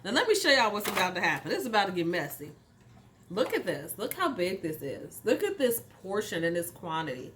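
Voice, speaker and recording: A woman's voice: medium pitch, sing-song, a little fast, noisy background. A young adult woman, a mental health coach and channel host, chatting casually with viewers while eating on camera. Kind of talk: casual mukbang vlog chat.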